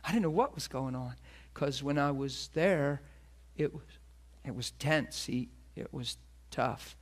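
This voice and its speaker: A man's voice: medium pitch, steady tone, slow. A middle-aged man preaching a sermon as a pastor, telling a personal story earnestly and acting out the voices of the people in it.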